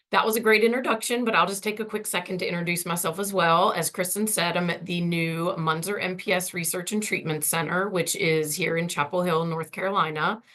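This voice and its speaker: A woman in her forties who is losing her voice gives a friendly, chatty conference presentation over a video call, with many ums. Her voice is fairly low in pitch with a fairly bright tone.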